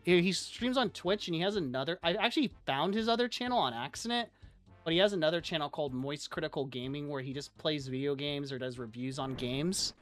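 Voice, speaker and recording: A man streaming live, chatting casually and rambling, with lots of "like" as he tells stories. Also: a little high. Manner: rambling, heavy use of "like", animated storytelling. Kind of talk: casual livestream chat.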